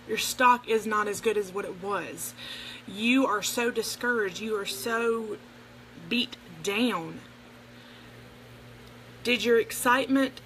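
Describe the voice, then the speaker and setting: A woman's voice: fairly high pitch, sharp tone, slight background noise, poor audio. A young adult woman, talking casually and earnestly to viewers on a phone livestream, rambling with restarts. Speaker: livestream host. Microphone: phone camera.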